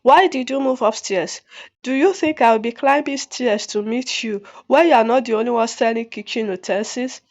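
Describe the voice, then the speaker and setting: A woman's voice: fairly high pitch, normal speed, darkish tone, close to an everyday voice. Woman doing mad customers grumbling about stairs, lo-fi muffled. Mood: indignant. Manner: indignant complaining. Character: fuming impatient shop customers.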